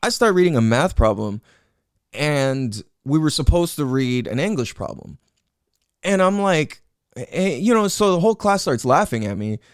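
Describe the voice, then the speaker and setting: A man's voice: on the high side, very animated, normal speed, clear, resonant tone, no echo, clean studio sound. A young man hosting a podcast, telling a personal story in a casual, profane, rambling way full of "like" and "you know what I'm saying". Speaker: podcast host. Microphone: headphones with mic.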